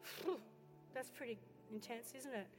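A woman pastor preaching a sermon with passion, building to loud exhortation and turning to the congregation with chatty questions and asides. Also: fairly high pitch, unhurried. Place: church. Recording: echoey hall with faint music.

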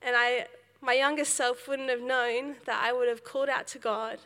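A young woman giving a sermon, telling a story in a lively way with laughs and acted quotes. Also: on the high side, moderate pace, big-room sound. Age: young adult. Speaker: speaker at a church service.

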